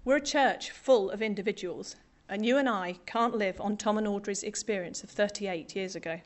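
A woman's voice: mid-range voice, moderate pace. A middle-aged woman from Britain preaching a sermon to a congregation, conversational and self-deprecating with humour.

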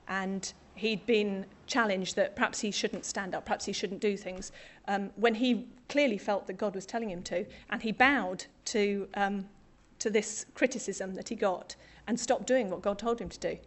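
A middle-aged British woman with a medium-pitched voice preaches a sermon to a congregation, keeping it conversational and self-deprecating with humour.

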